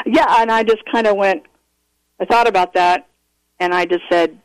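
A man's voice: high-pitched, measured pace, clear, resonant tone, no echo, rough recording. Earnest man telling a story by phone. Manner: earnest, animated retelling with frequent restarts. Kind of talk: casual storytelling interview.

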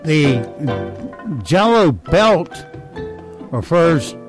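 A man's voice: a little high, very animated, drawn-out words, soft background music. A man hosting a radio show, reading poll results and fun facts in casual banter, with dry little asides. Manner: wry, reads items aloud with dry asides.

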